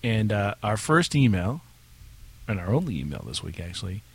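Low-voiced male podcast co-host. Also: very animated, moderate pace, gravelly, noisy background. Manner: rambling, restarts, laughs, then reads dramatically. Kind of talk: casual podcast chat, reading a listener email.

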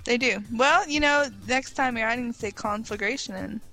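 A woman co-hosts a laid-back gaming podcast, explaining word meanings patiently and teasing her partner a little. Soft music runs faintly underneath. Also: on the high side, moderate pace, low-quality recording. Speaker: podcast co-host. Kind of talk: casual gaming podcast chat.

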